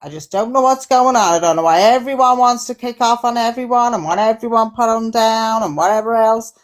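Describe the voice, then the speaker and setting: A woman doing a sweary mock-Australian loudmouth. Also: on the high side, brisk, close to an everyday voice. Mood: rambling. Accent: put-on Australian. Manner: loud, sweary, rambling. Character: brash foul-mouthed woman from Australia. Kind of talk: improvised comedy role-play on a live stream.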